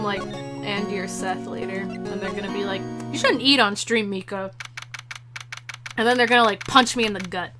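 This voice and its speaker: A woman streamer chatting casually and giggling at herself while playing a game. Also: mid-range voice. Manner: chatty, giggly, self-mocking. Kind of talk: casual gaming stream chat. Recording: game music behind the voice.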